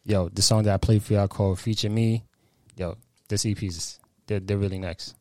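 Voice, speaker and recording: A man's voice: lowish voice, steady tone, normal speed, darkish tone. A man co-hosting a podcast in an easygoing, slangy way, introducing topics and games. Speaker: podcast co-host leading segments. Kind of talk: casual podcast chat.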